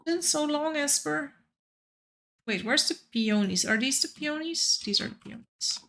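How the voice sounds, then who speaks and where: Woman, game streamer, casual playful chat, bright tone, unhurried pace. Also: high-pitched, lively intonation, creaky, slight background noise. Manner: chatty, playful, talks to players and chat.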